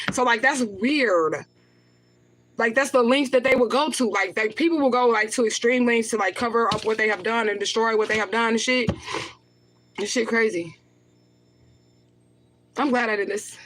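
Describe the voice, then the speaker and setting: A woman's voice: a little high, normal speed, long pauses, a bit bright, slight background noise. A woman livestreaming to her viewers, rambling and profane, reading comments aloud and flaring into anger. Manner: repeats herself, flares up in anger. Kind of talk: emotional livestream talk to viewers.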